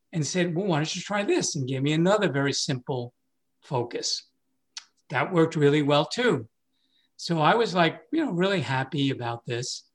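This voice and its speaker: A man in his sixties, a meditation teacher, telling a personal story in a casual way, laughing often and jumping high when he quotes himself.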